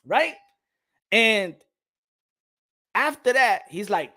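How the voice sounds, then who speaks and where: A man telling an animated story, emphatic and repetitive, acting out quotes loudly. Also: high voice, moderate pace. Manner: emphatic, repeats phrases, acts out quotes loudly. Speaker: boxing podcast host.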